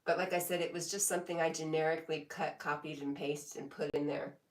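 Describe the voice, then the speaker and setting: A woman casually chatting on a live stream, reading viewers' comments aloud in a relaxed way and laughing often. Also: low-pitched, brisk, far from the mic. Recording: echoey room, voice a bit off mic.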